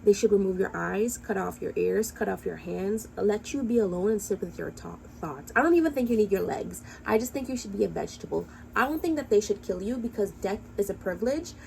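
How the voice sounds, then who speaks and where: Woman vlogger, impassioned and profane, mid-pitched, faint room hum behind. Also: gravelly, a little mellow, poor audio. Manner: angry, impassioned ranting; blunt, profane. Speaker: commentary vlogger. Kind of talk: heated reaction commentary.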